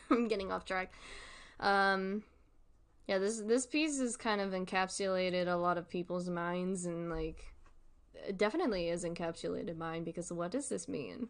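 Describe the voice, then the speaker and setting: A woman's voice: on the low side, moderate pace. A woman streaming casual commentary, giggly and rambling, often correcting herself. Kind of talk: casual commentary on a web series.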